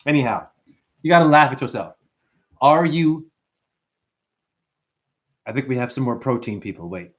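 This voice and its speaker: A man ranting to his chat on a livestream, swearing a lot and rambling, swinging from loud outbursts to low muttering. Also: normal speed, pauses often. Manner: profane, rambling, excitable, swings between shouting and muttering. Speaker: live streamer. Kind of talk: unscripted livestream rant to chat.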